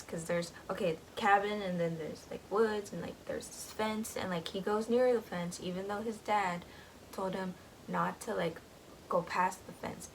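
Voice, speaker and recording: A woman's voice: on the low side, a little hiss or hum, poor audio. A young woman casually retelling a book's plot, rambling with lots of fillers and giggles. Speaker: book vlogger.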